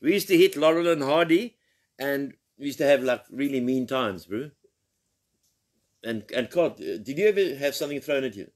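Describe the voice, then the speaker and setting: A man's voice: medium pitch, lively intonation, normal speed. A man hosting a joking live show, teasing his guests and laughing often. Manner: teasing, banters and laughs a lot. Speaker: host. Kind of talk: joking live-stream chat.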